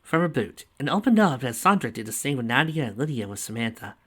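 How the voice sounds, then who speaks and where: A man's voice: mid-range voice, very animated, fast, fairly bright tone, slightly rough. A man reading fan fiction aloud, breaking off for casual, chatty asides.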